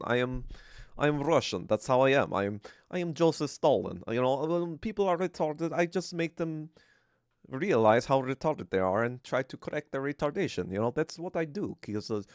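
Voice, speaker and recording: A gruff, rude Soviet dictator voiced by a man on a podcast stream speaks in blunt broken English with a made-up accent. The sound is dry and close to the mic. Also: medium pitch, animated, moderate pace, no room sound, close to an everyday voice.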